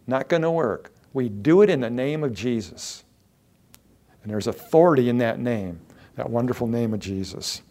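A man preaching a sermon as a pastor, earnest and emphatic, dropping to soft asides and rising to loud declarations, often repeating words for stress. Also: mid-range voice, moderate pace.

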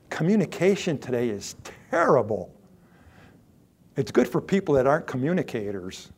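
A male pastor giving a conversational sermon, slowing down to stress key words, then closing in prayer. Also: mid-range voice, darkish tone. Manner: conversational preaching with emphatic slow stresses.

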